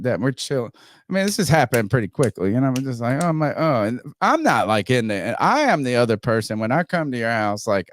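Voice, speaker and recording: A man's voice: lowish voice, no echo, clean studio sound. A man on a podcast telling a story casually, swearing a lot and acting out what people said. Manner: profane, animated, acts out quotes loudly. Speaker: podcast host.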